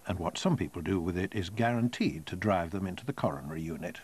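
Male narrator, scripted voice-over, dry and wry, slightly low voice. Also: fast, a little mellow, a little hiss or hum.

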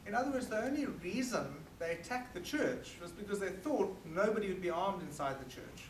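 A South African man giving an earnest, forceful talk to an audience at an evening meeting. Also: sits high, lively intonation, fairly quick, slight background noise. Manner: earnest and forceful, emphatic repetition. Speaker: guest speaker. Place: meeting hall. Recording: roomy hall recorded from a distance.

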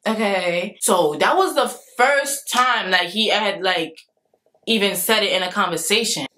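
A young adult woman talking in a casual storytime vlog, dramatic and animated, laughing things off and acting out what people said. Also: mid-range voice, measured pace, a little hiss or hum. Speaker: vlogger.

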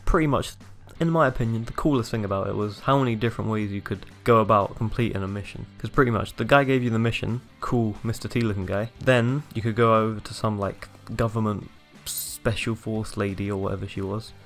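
A man's voice: fairly low pitch, fairly quick, hardly any pauses, soft background music. A man casually retelling a game demo in an upbeat, rambling way, filled with acted-out quotes. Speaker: gaming YouTuber. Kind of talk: excited casual commentary.

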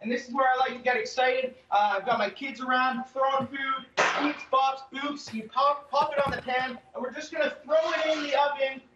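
Excitable man on an echoey video call. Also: very high voice, moderate pace, hardly any pauses, heavy background noise. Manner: excitable, rambling, apologetic. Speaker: guest cook. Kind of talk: cooking demonstration. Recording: echoey dull call audio from a distance.

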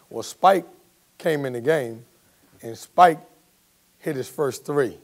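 A college basketball coach giving a storytelling speech to a business audience and acting out the quotes. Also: male voice, mid-range voice, normal speed. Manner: storytelling, animated, acts out quotes.

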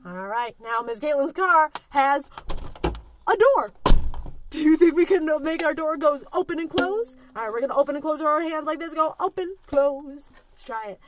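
High-voiced, animated children's librarian. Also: female voice, normal speed, noisy background. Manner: animated, sing-song, coaxing the children. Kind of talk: children's story time.

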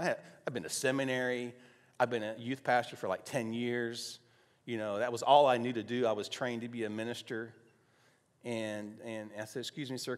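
A male pastor preaching a sermon, telling a personal story softly and then rising to loud, emphatic declarations. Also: medium pitch. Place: church sanctuary. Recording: long hall reverb.

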